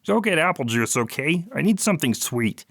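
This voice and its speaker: A petulant young crewman whines in a strained, high, pinched voice, as a male audiobook narrator puts him on. The sound is close and dry, with no room around it. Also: sing-song, moderate pace, gravelly, a bit bright, no room sound, heavily acted. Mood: whiny. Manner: whiny, complaining.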